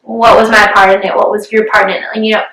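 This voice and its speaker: A woman's voice: medium pitch, flat delivery, quick pace, fairly bright tone, echoey room, recorded from a distance, poor audio. A young woman co-hosting a podcast, chatting candidly, swearing freely and acting out what others said. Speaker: podcast co-host. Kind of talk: casual chat.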